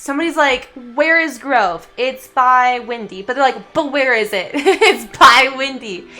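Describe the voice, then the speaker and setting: A woman's voice: sits high, lively intonation, unhurried, bright, forceful tone. A woman streaming a game, chatting casually with viewers, giggly and chatty, who coos baby talk at her cat. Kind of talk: casual gaming livestream chat.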